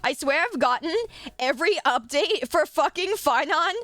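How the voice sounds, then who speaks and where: Young woman streaming, kinda high voice, swears a ton, dry close sound. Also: animated, moderate pace, no echo. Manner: chatty, swears a lot, bursts into loud joking rants. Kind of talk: casual live-stream chat.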